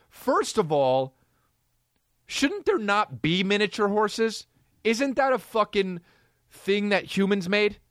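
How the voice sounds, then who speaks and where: A man hosting a comedy podcast, ranting in an incredulous, profane, animated way. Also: high-pitched, no room sound, clean studio sound. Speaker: podcast host.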